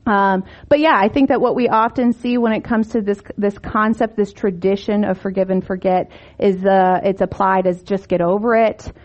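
A woman's voice: medium pitch, steady tone, moderate pace, few pauses, a little mellow. Woman Bible teacher, casual and talky, emphatic rhetorical questions; slightly muffled recording.

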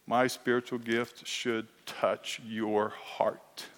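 A man preaching a sermon as pastor, emphatic and earnest, at times growing quiet and emotional. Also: mid-range voice, level tone, slow pace. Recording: long hall reverb.

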